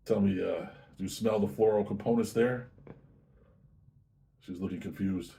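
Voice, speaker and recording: Casual male host for a tasting review, warm low-key delivery, chatty and unhurried. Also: fairly even intonation, gravelly. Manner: chatty, easygoing, self-correcting.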